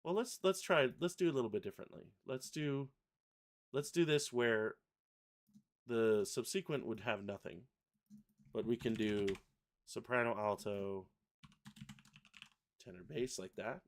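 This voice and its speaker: A man hosting a live software tutorial, thinking aloud and correcting himself as he works. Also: mid-range voice, unhurried, pauses often, a little hiss or hum. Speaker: software livestream host. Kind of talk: casual live software demo.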